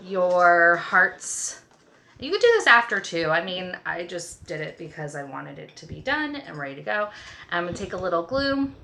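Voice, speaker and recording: A woman art teacher walking through a craft project step by step, gentle and reassuring. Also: lowish voice, creaky, a little hiss or hum. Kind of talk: craft tutorial.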